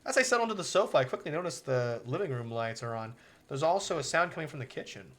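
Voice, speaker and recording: A man's voice: fairly high pitch, animated, fast, fairly bright tone. A male streamer reading a visual novel aloud, mixing narration with playful, profane jokey asides.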